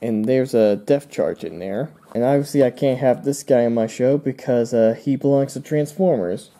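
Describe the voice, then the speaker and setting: A man's voice: medium pitch, normal speed, dark tone. A young man hosting his own channel, casually walking through his old drawings in a rambling way, with fillers and playful asides. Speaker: channel host.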